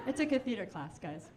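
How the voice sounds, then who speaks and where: Woman, stand-up comedian, high voice, chatty, handheld mic, noisy club recording. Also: dark tone. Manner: chatty, quick asides to the crowd. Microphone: handheld stage mic.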